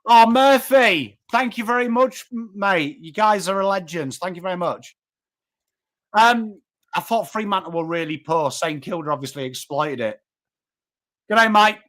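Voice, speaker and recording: A man with an English accent hosting a live footy watchalong, mixing game commentary and cheering with quick replies to viewers in chat. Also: high-pitched. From England. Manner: animated, jumps between cheering the team and greeting viewers. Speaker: livestream host.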